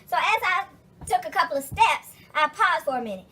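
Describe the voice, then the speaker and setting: A young woman with a high voice tells a story in one long, profane rant. Her tone is bright and sharp, and she keeps coming back to her exasperation with heavy emphasis. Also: expressive, brisk, slight background noise. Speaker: vlogger.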